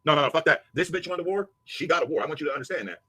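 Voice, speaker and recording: A man's voice: a little high, lively intonation, rapid-fire, pushed and bright, slightly rough, no echo. A man delivering a profane, aggressive rant at a rival streamer, hurling insults. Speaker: livestreamer. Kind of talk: angry rant.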